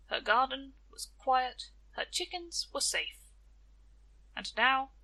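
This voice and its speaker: A woman telling a folktale as host of a storytelling show. She takes her time, with a gentle, deliberate delivery and a fairly high, bright and forceful voice. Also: low-quality recording. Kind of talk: folktale narration.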